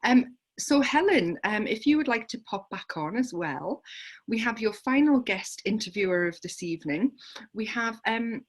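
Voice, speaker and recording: A woman's voice: a little high, animated, moderate pace. A woman hosting a book launch event, introducing guests in a chatty, light, joking way. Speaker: host.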